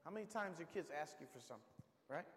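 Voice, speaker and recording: A man's voice: a little high, lively intonation, fast, fairly bright tone, in a large hall. A man preaching a sermon, emphatic and repetitive, calling out to the congregation.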